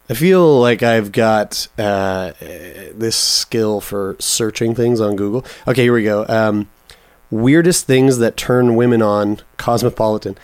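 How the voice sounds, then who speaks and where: A man's voice: fairly low pitch, measured pace, clear, resonant tone, no echo. Male podcast co-host, loose and profane, dry close mic. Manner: profane, animated, joking. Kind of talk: casual podcast banter. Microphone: studio mic.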